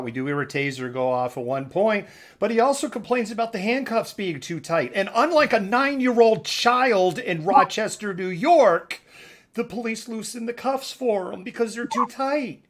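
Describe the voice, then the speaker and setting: A man's voice: high-pitched, lively intonation, normal speed. A male host of a live online news talk show, giving casual, wry commentary.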